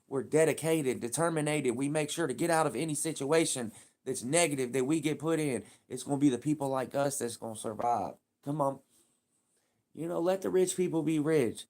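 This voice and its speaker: A man live streaming, talking in a casual, heated and profane rambling rant. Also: a little high.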